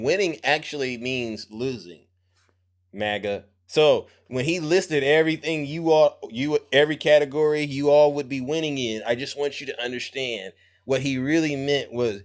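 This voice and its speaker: A man hosting a live political commentary stream, talking in a mocking, emphatic way and answering clips with quick interjections. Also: mid-range voice. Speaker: host.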